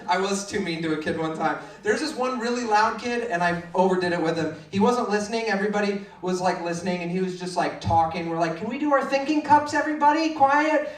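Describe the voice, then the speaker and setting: Young guy doing standup, yells out kid voices, echoey club sound from a distance. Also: quick pace, hardly any pauses. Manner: acts out kids in shrill shouts. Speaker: stand-up comedian. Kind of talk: stand-up set. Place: club stage, roomy. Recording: roomy live club sound from afar.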